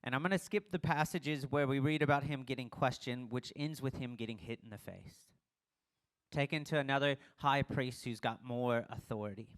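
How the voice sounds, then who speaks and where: A man's voice: mid-range voice, normal speed. A young adult man, a pastor giving a casual sermon and acting out the lines of the people in the story. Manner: conversational, acts out quoted dialogue.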